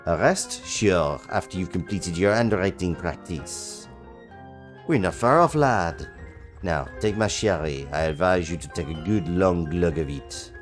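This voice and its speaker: A man's voice: low voice, animated, unhurried, soft background music. A man voicing an elderly aristocratic mentor who speaks in a dry, mildly mocking way. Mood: wry.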